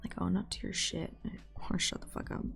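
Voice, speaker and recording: A young woman streamer chatting casually while she draws, sarcastic and slangy, swearing freely and slipping into soft whispery asides. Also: normal speed, faint music behind. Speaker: live streamer.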